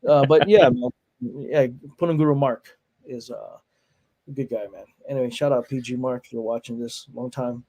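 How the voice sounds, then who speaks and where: Man with an animated storytelling voice. He acts out quotes, swears freely and laughs between lines. A martial arts instructor in relaxed conversation. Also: mid-range voice. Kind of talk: casual chat, storytelling.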